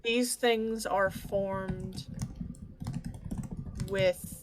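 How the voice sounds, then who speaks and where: A woman's voice: mid-range voice, steady tone, very slow, a little hiss or hum. A woman narrating as game master in a tabletop game, hesitant and full of restarts.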